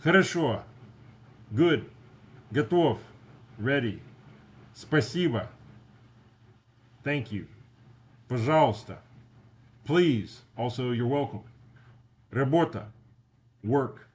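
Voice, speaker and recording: A man's voice: mid-range voice, animated, breathy edge. A man teaching a beginner language lesson from slides, repeating words for practice. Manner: repeats words slowly for drilling.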